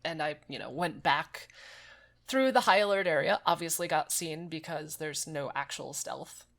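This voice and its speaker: A woman's voice: low voice, lively intonation, normal speed, gravelly, a bit bright. A woman co-hosting a podcast, recapping a game in casual chat, swearing freely and sounding exasperated. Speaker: podcast co-host.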